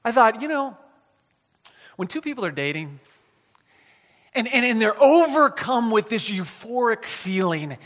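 A male pastor preaches with a notably high voice, telling a personal story with self-deprecating humor. His sentences stall and restart often. The sound rings out with the long reverb of a big hall. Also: big pitch swings, unhurried, pauses often, a bit bright. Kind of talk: storytelling sermon.

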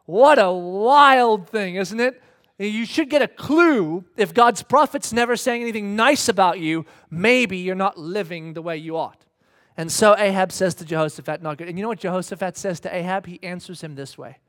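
A man's voice: sits high, moderate pace, a bit bright. A man preaching a sermon in a conversational, humorous storytelling manner.

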